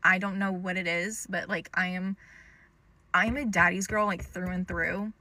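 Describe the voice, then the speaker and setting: A young woman with a bright, clear voice tells a personal story straight to the camera. She talks in a loose, chatty way, with lots of "um" and "like" as she goes. The sound is close and dry, with no room echo. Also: on the low side, fairly even intonation, normal speed. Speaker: storytime creator. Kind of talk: casual storytime monologue.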